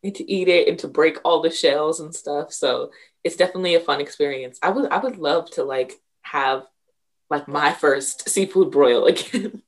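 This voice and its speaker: A woman's voice: low voice, normal speed. A young woman from the Washington DC area in casual chat, filler-heavy and laughing often.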